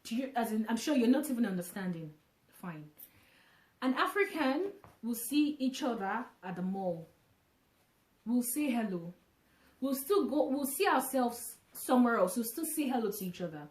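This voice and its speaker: A woman vlogging casually to camera, from Nigeria, who talks in an animated way, repeating phrases and restarting often. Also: a little high, moderate pace, roomy sound.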